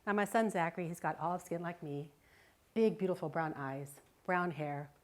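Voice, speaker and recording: A woman's voice: fairly low pitch, moderate pace, darkish tone. A middle-aged woman giving a live talk, telling a personal story vividly and expressively, often laughing. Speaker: speaker. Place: live speaking event.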